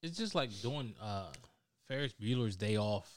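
A man's voice: lowish voice, expressive, a little slow. A man co-hosting a casual podcast, making short, blunt and teasing remarks. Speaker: podcast co-host.

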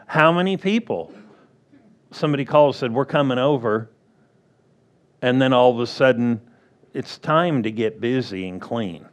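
A man preaching a sermon as pastor, drawing out words and acting out quick playful quotes. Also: mid-range voice, animated. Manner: slow, drawn-out delivery with playful acted-out quotes.

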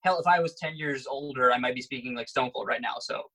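A man from Bahrain with an American accent, chatting casually, eager and quick to laugh. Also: medium pitch, a bit bright, low-quality recording. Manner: eager, asks questions, laughs easily. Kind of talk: casual podcast chat.

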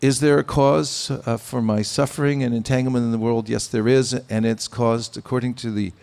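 A man giving a devotional sermon, speaking in a measured, pausing way with gentle humor. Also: medium pitch, steady tone, vocal fry. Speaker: spiritual teacher. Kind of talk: sermon with anecdotes.

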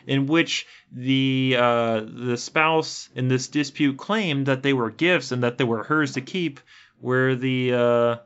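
A man's voice: medium pitch, a bit bright, clear, resonant tone, highs cut off. A man co-hosting a comedy podcast, joking and rambling with frequent restarts. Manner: joking, rambling, self-interrupting. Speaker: podcast co-host. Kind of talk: comedic casual chat.

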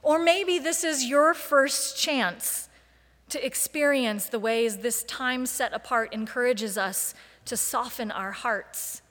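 A woman preacher giving a sermon, with a measured, deliberate delivery and emphatic lists. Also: fairly high pitch, a bit bright, big-room sound.

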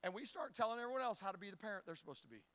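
A man's voice: sits high, animated, rapid-fire, fairly bright tone. A man preaching a folksy, humorous sermon who acts out little scenes and often stumbles and repeats words. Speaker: pastor.

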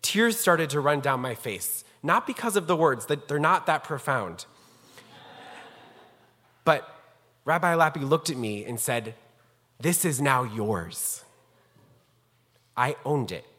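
A man's voice: on the high side, animated, a little slow, pauses often, bright, forceful tone. A rabbi speaking formally and earnestly as he introduces a guest scholar, telling a personal story. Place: synagogue sanctuary. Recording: long hall reverb.

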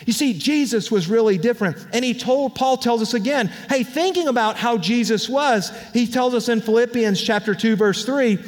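A man with a notably high voice preaches to his congregation in a candid, conversational manner with lively asides. His words ring out into the long reverb of a large church hall. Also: moderate pace, few pauses. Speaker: pastor. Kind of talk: sermon. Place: church auditorium.

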